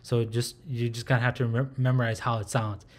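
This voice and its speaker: A man's voice: mid-range voice, level tone, fairly quick. A man giving an online language lesson, patiently modeling each sound over and over with many fillers. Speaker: language teacher.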